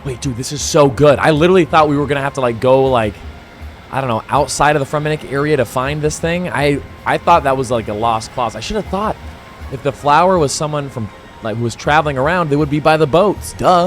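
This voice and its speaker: A man's voice: medium pitch, a little fast, soft background music. A young adult man chatting casually to viewers while playing a game, laid-back and talkative. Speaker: gaming channel host. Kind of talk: casual gameplay commentary.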